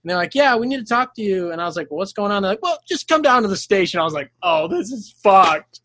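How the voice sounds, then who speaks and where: A young man with a high voice tells a story in animated, unfiltered chat. He swears freely and laughs in the middle of sentences. When he quotes people, his voice leaps even higher. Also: rapid-fire, dry recording. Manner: acts out voices in quoted lines, jumping up high. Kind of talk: casual chat.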